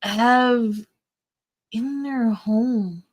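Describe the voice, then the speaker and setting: A woman's voice: fairly high pitch, very slow. A woman reviewing a podcast live, incredulous and swearing freely. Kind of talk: casual reaction chat.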